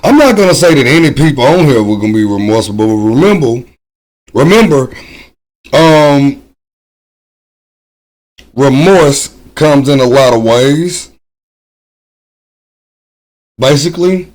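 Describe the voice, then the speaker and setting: A man reacting to a video in casual commentary, his voice at a middle pitch. He talks reflectively, pausing often with ums as he weighs his words. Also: lively intonation, a little mellow, rough recording. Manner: thoughtful, hesitant, many ums.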